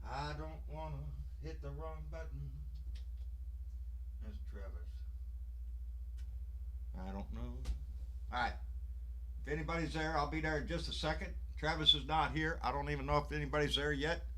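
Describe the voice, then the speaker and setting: A man's voice: fairly high pitch, normal speed, long pauses, a bit bright, slight background noise. A man, out of breath, hosting a casual live stream and greeting viewers in a folksy, swearing way. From Texas.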